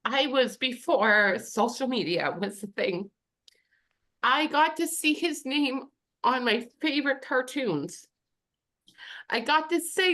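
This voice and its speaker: A woman speaking at a memorial over a video call, teary and sick with covid, halting and heartfelt. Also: sits high, animated, fairly bright tone. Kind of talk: emotional personal tribute.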